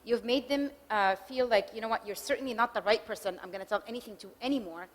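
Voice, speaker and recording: Woman lecturing in an echoing hall. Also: fairly high pitch. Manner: conversational, acts out spouses' lines in quick examples. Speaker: speaker giving a talk. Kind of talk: marriage workshop talk. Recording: reverberant hall recording.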